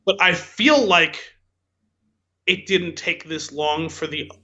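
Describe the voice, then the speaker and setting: A man's voice: fairly high pitch, takes it slowly, bright, forceful tone, dull audio. A man co-hosting a casual podcast, telling stories in a rambling way full of "like" and "um". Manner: rambling, filler-heavy storytelling with frequent "like" and "um". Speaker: podcast co-host.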